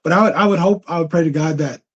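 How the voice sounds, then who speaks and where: A blunt, husky-voiced man chats on a live Q&A stream and repeats himself to drive a point home. His breathy voice comes through dull, lo-fi stream audio. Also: fairly high pitch, fast talker. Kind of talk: casual live-stream chat.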